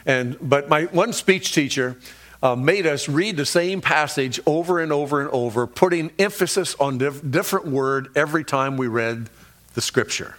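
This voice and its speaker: An older man delivers a Sunday sermon in a slightly raised voice. He tells stories plainly and slows right down to lean on key words and scripture. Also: a little high, a bit bright. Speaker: pastor.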